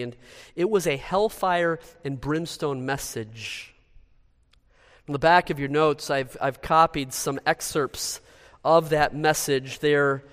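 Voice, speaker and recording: Emphatic male preacher in a reverberant church. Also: a little high. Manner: emphatic preaching, rising to pressing rhetorical questions. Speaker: pastor. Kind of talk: sermon. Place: church sanctuary. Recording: long reverb of a church hall.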